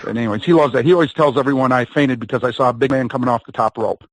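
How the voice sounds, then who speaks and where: Man, medium pitch, dry close voice, rambling storyteller, laughs while telling, wrestler guest. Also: very fast, no room sound, poor audio. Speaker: interview guest. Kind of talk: casual storytelling.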